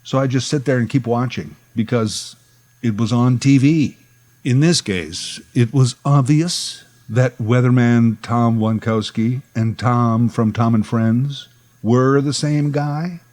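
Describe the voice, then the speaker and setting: A man's voice: medium pitch, takes it slowly, darkish tone, poor audio. Wry man telling a childhood story. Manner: wry, conversational, nostalgic asides. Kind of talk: storytelling monologue.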